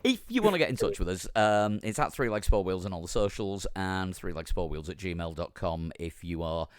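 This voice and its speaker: A man hosting a casual podcast with a croaky, strained voice, joking and laughing often between his ums. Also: low voice, animated, fairly quick, no room sound, clean studio sound. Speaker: podcast host.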